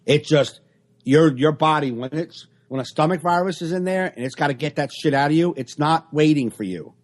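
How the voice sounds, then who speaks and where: Animated storytelling comedian man. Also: on the high side, moderate pace. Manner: animated storyteller acting out exchanges. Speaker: stand-up comedian, podcast co-host. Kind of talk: casual podcast chat over video call. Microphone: video call.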